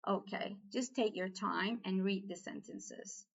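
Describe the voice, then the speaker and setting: A woman's voice: medium pitch, a little slow, creaky, lo-fi sound. A woman with a Turkish accent, a native Turkish speaker, teaching a language lesson patiently, step by step. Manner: patient, step-by-step, with non-native English phrasing. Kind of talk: slow explanatory online lesson.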